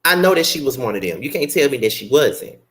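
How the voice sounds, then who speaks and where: A woman giving a blunt, sassy live recap, swearing freely and breaking into sharp outbursts. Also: sing-song, quick pace, a little hiss or hum. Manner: rants with sudden high-pitched outbursts. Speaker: live-stream show reviewer. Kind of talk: unscripted live recap commentary.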